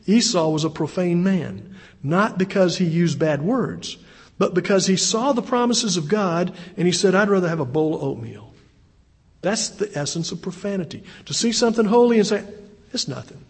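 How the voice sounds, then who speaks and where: A man's voice: sits high, a little mellow, husky. A man preaching a sermon in an earnest way, often repeating words as he goes. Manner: earnest, repeats words, acts out quoted voices. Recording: long reverb.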